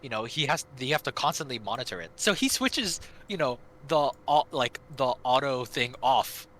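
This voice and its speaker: A man telling gaming stories in casual chat, animated and swearing freely. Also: medium pitch, moderate pace. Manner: animated, swears a lot, acts out quotes. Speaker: gaming friend on stream.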